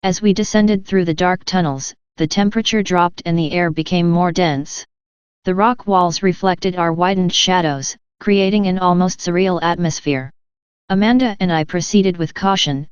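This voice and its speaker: Low, smooth-voiced woman narrating a story. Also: normal speed, no room sound. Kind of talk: scripted first-person story narration. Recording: dull lo-fi sound.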